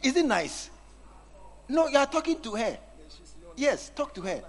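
A man's voice: very high voice, big pitch swings, unhurried. A man preaching a sermon, teasing and acting out scenes with his congregation. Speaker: pastor.

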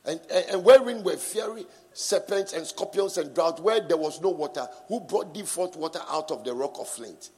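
A middle-aged man preaching a sermon and reading scripture, emphatic, swinging from soft asides to shouts, prompting the congregation to answer. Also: on the high side, normal speed, few pauses, slightly rough. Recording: long reverb in a large hall.

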